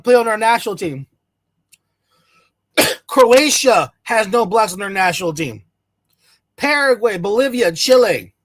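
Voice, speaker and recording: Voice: medium pitch, fairly bright tone, no echo. A channel host giving a heated, profane solo commentary, full of sarcasm and mocking imitations of others. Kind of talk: solo ranting commentary to camera. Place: in the United States.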